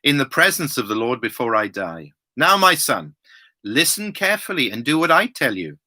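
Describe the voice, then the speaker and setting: A scheming mother presses her son to follow her plan in a Bible reading, read by a man. The voice is bright and pushing, and the delivery is that of a plain reading. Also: medium pitch, big pitch swings, moderate pace, exaggerated voice. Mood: urgent.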